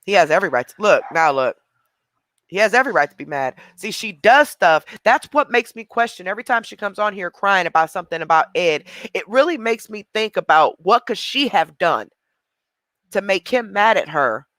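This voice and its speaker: A woman's voice: mid-range voice, expressive, moderate pace, a bit bright, no echo. A woman giving blunt, mocking reaction commentary on a livestream.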